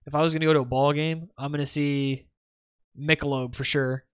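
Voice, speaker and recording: A man rambles through a casual podcast chat, circling back with many restarts. His voice sits a bit high. The sound is dry and close. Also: flat delivery, a little fast, clean tone, no room sound. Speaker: podcast guest. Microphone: remote voice call.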